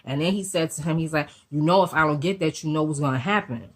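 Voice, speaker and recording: Low husky woman vlogger, slangy storytime, cusses a lot, acts out everybody. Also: fast. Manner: animated, slangy storytelling with swearing; acts out the voices of people in the story. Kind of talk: storytime vlog.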